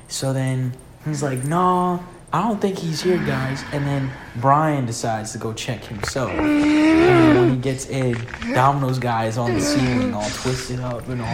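A young man tells a chaotic story to his friends, piling on slang and "like" as he goes. His voice rings through an echoey room over a steady, loud background noise. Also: medium pitch. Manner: loose, slangy and excitable, full of "like". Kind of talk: casual comic storytelling.

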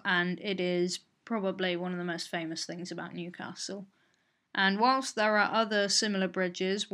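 A woman's voice: mid-range voice, a bit bright. A woman presenting an educational video in scripted narration, reading figures out evenly. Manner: measured, reads out figures evenly.

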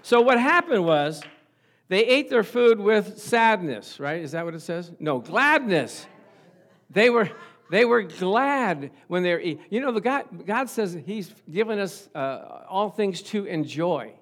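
A middle-aged man preaching a sermon as pastor, animated and calling out for amens. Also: high-pitched, a little slow. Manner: animated, asks the congregation for amens. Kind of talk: lively sermon.

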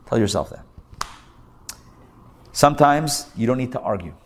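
Animated rabbi giving a lively class. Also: male voice, medium pitch, moderate pace. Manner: conversational, animated, repeats phrases for emphasis. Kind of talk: live recorded lecture. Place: academy classroom before a live audience.

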